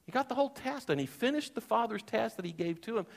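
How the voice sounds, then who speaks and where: A man's voice: high voice, lively intonation, fast talker, creaky. A male pastor preaching a sermon, telling stories earnestly and repeating phrases for emphasis. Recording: long hall reverb.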